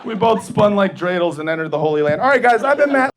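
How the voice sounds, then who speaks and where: A man's voice: high-pitched, sing-song, fast talker. A man telling a profane story in a stand-up comedy set, brash and laughing along as he goes.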